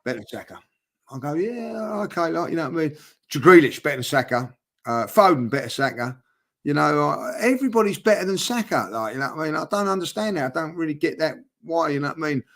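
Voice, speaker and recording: A man hosting a casual football podcast, speaking haltingly and filling his talk with repeated words and "you know". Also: on the high side, lively intonation, a bit bright. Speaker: channel host.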